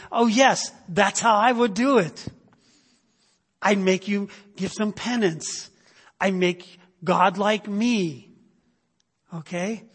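A man's voice: sits high, a bit bright. A man preaching a sermon, emphatic, repeating phrases and checking in with "right?". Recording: long reverb of a hall.

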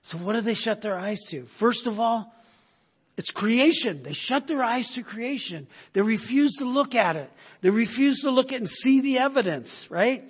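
A man's voice: very high-pitched, lively intonation, normal speed, husky. A man preaching a sermon in an emphatic, conversational way, often checking in with the listeners. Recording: long hall reverb.

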